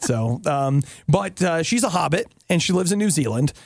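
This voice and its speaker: Lively, teasing male co-host. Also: on the high side, normal speed, creaky, no echo, clean studio sound. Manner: playful, teasing, animated storytelling. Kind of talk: casual banter on a talk show.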